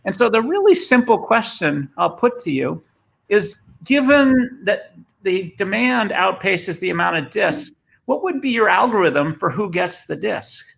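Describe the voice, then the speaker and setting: A man's voice: sits high, sing-song, measured pace, vocal fry, a bit bright. A man with a Boston accent giving a conversational remote talk, often repeating words as he starts a thought. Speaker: guest speaker.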